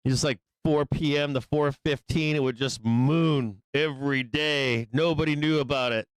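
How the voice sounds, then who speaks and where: A man hosting a live trading stream, swearing and impatiently yelling at the price chart, with excitable bursts and frequent laughs. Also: fairly high pitch, normal speed, smooth, no room sound. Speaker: live trading show host. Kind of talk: live-stream market commentary.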